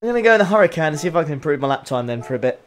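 A man's voice: a little high, big pitch swings, rapid-fire. Frustrated man muttering over a race. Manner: frustrated, self-critical muttering with frequent groans and sighs. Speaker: sim racing streamer. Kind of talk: live racing game commentary.

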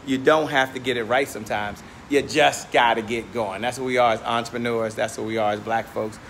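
A man's voice: mid-range voice, fairly even intonation, fairly quick, fairly bright tone, slight background noise. A man hosting a casual livestream vlog, walking outdoors and talking into a handheld phone, upbeat and motivational, a little out of breath. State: slightly out of breath. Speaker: host. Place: outdoors, walking near a hotel. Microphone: phone held in hand.

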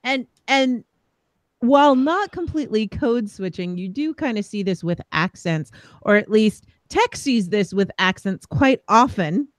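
A woman's voice: on the high side, expressive, a little slow, no room sound, clean studio sound. A woman with a New York accent co-hosting a podcast, chatting casually and laughing easily. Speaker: podcast co-host. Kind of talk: casual chat.

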